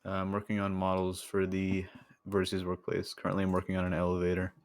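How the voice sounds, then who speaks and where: Flat, gravelly low-voiced young man. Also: quick pace, no room sound, studio quality. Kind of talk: casual chat.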